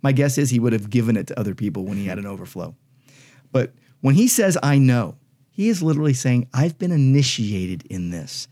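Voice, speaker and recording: Mellow-voiced pastor teaching scripture. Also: male voice, medium pitch, expressive, a little fast. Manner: emphatic, explanatory, reads scripture aloud. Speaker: pastor and podcast co-host. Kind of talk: conversational Bible teaching.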